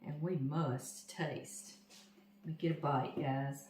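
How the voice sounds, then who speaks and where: An older Southern woman with a Louisiana accent chats to her viewers at an unhurried pace while she works. She is recorded in a home kitchen, and the room echoes noticeably around her voice. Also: low voice, fairly even intonation, very noisy. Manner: chatty, talks straight to viewers as "y'all". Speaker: home cooking vlogger. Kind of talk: casual cooking demonstration. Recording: roomy kitchen echo.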